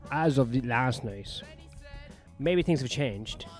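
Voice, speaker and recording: A man's voice: mid-range voice, expressive, takes it slowly, soft background music. A man ranting in a sweary, sardonic, rambling monologue as a comedian vlogging on his own.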